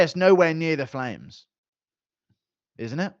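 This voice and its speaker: A young man reading and answering viewer chat on a casual live stream, animated and joking, with some mild swearing. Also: a little high, normal speed, pauses often, no echo, lo-fi sound.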